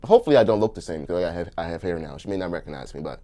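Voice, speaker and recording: A young man telling a crude story in casual chat, animated and bursting into shouts and laughter. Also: deep voice, rapid-fire. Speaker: comedian guest.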